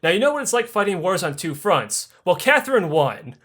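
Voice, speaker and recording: Crude, animated young man telling history. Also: high voice, brisk. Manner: crude, animated, swearing freely. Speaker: podcast host. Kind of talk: comedic history storytelling.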